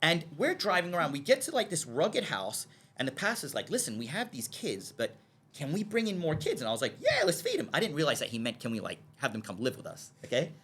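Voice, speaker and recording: A man telling a long story as a guest on a podcast, talking quickly with a lively, swooping voice. He acts out the lines of the people in his story and keeps asking "okay?" to check that his listener is following. When he gets excited he stumbles and repeats his words. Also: a little high, breathy edge.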